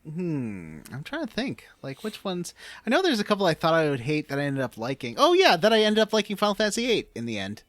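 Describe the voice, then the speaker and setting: A man co-hosting a gaming podcast, earnest and a little rambling. His voice sits slightly high and moves animatedly, heard close and dry. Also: huge pitch swings, fairly quick, a bit bright, no room sound. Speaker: podcast co-host. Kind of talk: casual podcast chat.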